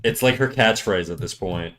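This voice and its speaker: A man's voice: deep voice, normal speed, a bit bright. A man in his thirties, a livestreamer joking casually with his chat while he draws, laughing often. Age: 30s.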